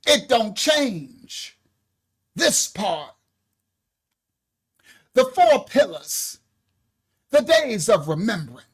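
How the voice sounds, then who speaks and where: Male bible teacher on a livestream, energetic, breaks into exclamations and loose colloquial asides. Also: extremely high pitch, drawn-out words, long pauses, slightly rough. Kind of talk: livestreamed scripture lesson. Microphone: own microphone.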